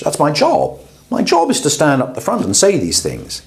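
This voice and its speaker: A man's voice: medium pitch, wildly swooping pitch, normal speed. A man, a pastor, teaching a class on preaching in a conversational way, often checking in with his listeners. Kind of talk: lecture to a class.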